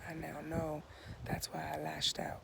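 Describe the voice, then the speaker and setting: A man in his thirties talking in a laid-back, reflective vlog into a phone outdoors at home, often dropping into soft half-whispers. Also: on the high side, completely flat delivery, measured pace, creaky. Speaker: vlogger. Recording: noisy outdoor recording.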